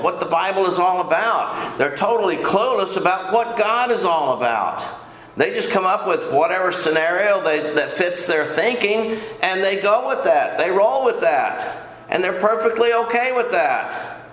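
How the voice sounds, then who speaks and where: A man's voice: high voice, animated, moderate pace, fairly bright tone. Folksy older man teaching a Bible class. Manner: folksy, rambling, repeats himself. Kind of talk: casual Bible lesson. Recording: echoey room.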